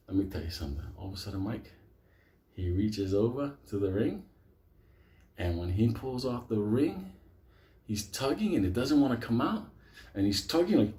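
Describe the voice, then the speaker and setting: A man's voice: fairly low pitch, moderate pace, long pauses. A man telling a wild personal story in a casual, rambling way, swearing constantly and breaking into laughter. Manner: profane, laughs often; animated, rambling.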